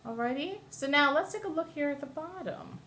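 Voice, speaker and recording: A woman's voice: high-pitched, expressive, a little fast, fairly bright tone, slight background noise. A woman cantor teaching a class on Torah chanting, explaining patiently and singing short chanted examples. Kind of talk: class lesson with sung examples.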